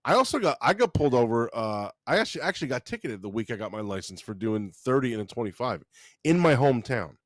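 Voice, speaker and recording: A man, co-hosting a comedy podcast and telling a story in an animated way, swearing freely. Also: mid-range voice, fast talker, no room sound. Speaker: podcast co-host.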